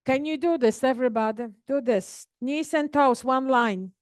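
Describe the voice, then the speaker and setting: Casting note: high, clear-voiced woman therapist, speaks slowly to a class. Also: dry recording, studio quality. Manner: slow, demonstrative, addresses class directly with questions. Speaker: physical therapist leading an exercise class. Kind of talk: live group health talk with demonstrations.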